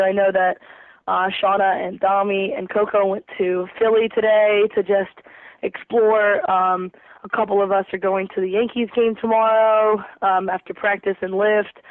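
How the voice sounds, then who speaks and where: A woman soccer player from New Jersey being interviewed by phone, answering casually with lots of hesitant filler pauses. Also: medium pitch, no echo. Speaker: pro soccer player, guest. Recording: tinny dry phone line.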